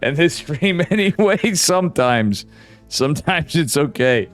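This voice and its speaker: Tipsy male streamer-caster, rambling and profane, slightly high voice. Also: expressive, unhurried, soft background music. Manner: rambling, swearing, laughing often. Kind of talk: casual drunken stream banter.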